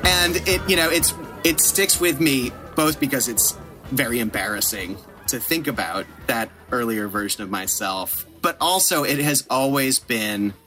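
Bright-voiced man telling a story. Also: mid-range voice, unhurried, faint music behind. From United States. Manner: animated, self-deprecating storyteller who laughs at himself. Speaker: podcast guest, archaeologist. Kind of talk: storytelling in a podcast interview.

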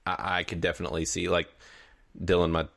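A man in his thirties in casual chat, reviewing a film in a rambling, halting, hedging way. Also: deep voice, little pitch movement, creaky, fairly bright tone. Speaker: podcast co-host, film reviewer.

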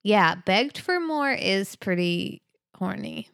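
A woman chatting about crossword clues with a friend in a slow, easy rhythm. She is playful, laughs a lot and swears offhandedly. The recording is close and dry, with no room sound. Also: mid-range voice, lively intonation, creaky, a bit bright, smooth, no room sound. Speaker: podcast co-host. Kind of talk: casual chat about crossword puzzles.

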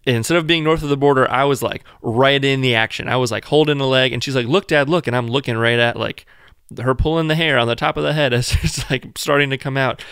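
A man's voice: medium pitch, fairly even intonation, fast talker, a bit bright, clear, resonant tone, dry recording, clean studio sound. A man casually telling the story of his child's birth, rambling and filling his talk with "like", joking along the way. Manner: rambling, full of "like", jokes around.

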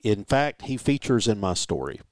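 Casting: low-voiced male co-host, anecdotal, easy laugh, dry studio sound. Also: big pitch swings, moderate pace, darkish tone, dry recording. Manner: storytelling, self-correcting, laughs easily. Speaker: sports talk co-host. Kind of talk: casual sports chat.

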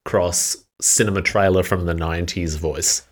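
A man co-hosting a podcast, talking in a wry, deliberate, casual way. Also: sits low, fairly even intonation. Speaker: podcast co-host. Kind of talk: casual chat.

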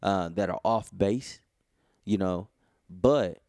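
A man's voice: sits low, slow pace, a little mellow, no room sound, clean studio sound. A man co-hosting a podcast, talking casually and rambling with lots of "you know" fillers. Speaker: podcast co-host. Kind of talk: casual conversation.

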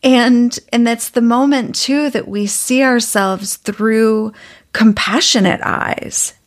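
A woman's voice: on the high side, takes it slowly. A woman hosting an interview podcast, reflecting thoughtfully in spiritual language. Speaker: podcast host. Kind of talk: conversational interview.

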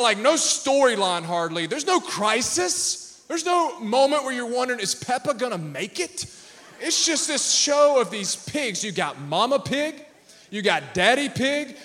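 Pastor, man, 30s, high voice, lively preaching style with humor. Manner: energetic preaching with crowd call-outs and humor. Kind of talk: sermon.

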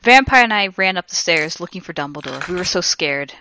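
A woman co-hosting a comedy podcast, reading fan fiction aloud in a theatrical way and shouting out the characters' lines. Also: on the low side, brisk, few pauses, no room sound. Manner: reads with big theatrical shouts for the characters, breaks into laughter.

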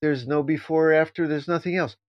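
A man who teaches Zen, co-hosting a casual podcast discussion and talking in an animated, playfully teasing way. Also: fairly high pitch, fairly quick, no echo. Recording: dull, dry lo-fi sound.

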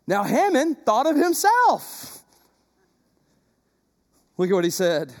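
Pastor preaching, lively storyteller who asks the crowd questions. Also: mid-range voice, measured pace. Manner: animated storytelling, with rhetorical questions. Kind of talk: sermon.

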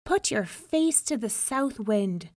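A woman voicing a solemn male fish spirit in a storybook reading, speaking in slow, grave pronouncements. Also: fairly high pitch, expressive, a little mellow, no echo, clean studio sound. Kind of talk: storybook narration.

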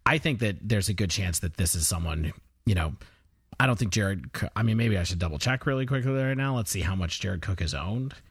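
A man's voice: fairly low pitch, expressive, brisk, breathy edge, dry recording, studio quality. A man co-hosting a fantasy football podcast, joking and bantering in casual chat. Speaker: podcast co-host.

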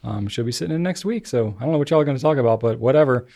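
A man's voice: mid-range voice, expressive, racing, dark tone. An American man co-hosting a casual podcast, chatty, laughing easily and trailing off with ums. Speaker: podcast co-host. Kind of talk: casual chat.

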